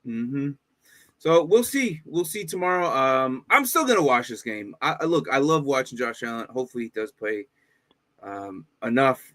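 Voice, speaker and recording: A man's voice: medium pitch, lively intonation, normal speed, a bit bright. A man co-hosting a casual sports podcast, laid-back, often trailing off and tossing in "bro" and "man". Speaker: podcast co-host.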